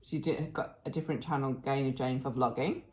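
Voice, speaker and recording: A woman's voice: extremely low pitch, fairly even intonation, a little fast, dark tone. A New Zealand woman co-hosting a casual crafting podcast, understated and not gushy in her praise. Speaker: podcast co-host. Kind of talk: casual chat.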